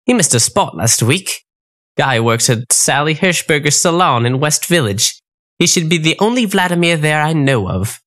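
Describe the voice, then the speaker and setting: A woman's voice: low voice, fairly bright tone. A woman voicing a vain, jealous evil queen in a comic audiobook, petty and indignant.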